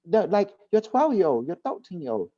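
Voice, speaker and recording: A man's voice: sits high, huge pitch swings, fairly quick, dark tone, dry recording. A man hosting a casual talk show, telling a story at length and with emphasis. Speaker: host. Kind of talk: casual chat. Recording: dull lo-fi recording.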